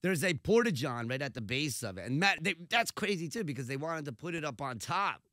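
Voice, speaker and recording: A man telling stories in a casual chat, animated and laughing, acting out quotes along the way. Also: on the high side, fairly quick, dry recording, studio quality. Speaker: radio host and podcast guest.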